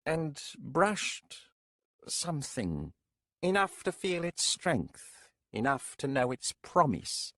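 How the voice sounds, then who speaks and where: A grave, cold-spoken witch, as a male audiobook narrator puts her on, drawing out her words at a slow, weighty pace. The voice sits higher than his own and carries a husky edge. It is recorded close and dry. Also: very animated, sharp tone, no room sound, exaggerated voice. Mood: solemn. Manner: slow, measured, solemn. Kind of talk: audiobook character voice.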